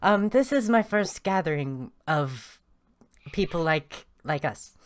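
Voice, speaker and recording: A woman's voice: lowish voice, lively intonation, takes it slowly. An Irish woman voicing a shy, courteous young male vampire newcomer in a tabletop game. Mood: polite. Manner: courteous, hesitant.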